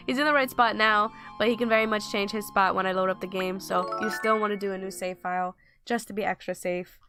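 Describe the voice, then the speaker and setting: A woman's voice: mid-range voice, a little fast. A young woman casually commenting on her gameplay, rambling and breaking into panicked outbursts. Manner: rambling, chatty, bursts into panicked exclamations. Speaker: let's play gamer. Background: game music.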